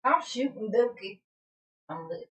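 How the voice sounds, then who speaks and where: A woman's voice: mid-range voice, lively intonation, measured pace, a bit bright. A woman with a Southern US accent co-hosting a casual live stream, teasing her partner and reading viewer comments aloud. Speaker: co-host.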